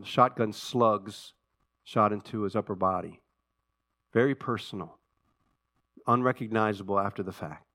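Earnest man preaching a sermon. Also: lowish voice. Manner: earnest, rising to impassioned emphasis then dropping to quiet prayer. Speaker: pastor. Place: church sanctuary.

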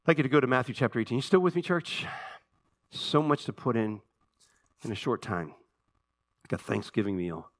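A man preaching a sermon to his church, swinging between hushed, slow passages and emphatic, animated ones. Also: mid-range voice. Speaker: pastor.

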